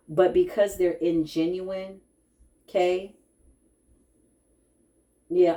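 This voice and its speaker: Woman, low-pitched, spiritual tarot reader, casual chat, animated, says y'all. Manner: animated, chatty, addresses viewers as y'all, laughs often. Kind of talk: casual spiritual reading to viewers.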